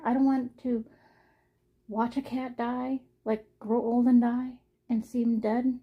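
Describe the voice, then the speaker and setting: A woman's voice: on the high side, steady tone, unhurried, breathy edge, phone-quality sound. A young woman talking casually to her viewers in a personal vlog, rambling and earnest, often repeating herself. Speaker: vlogger.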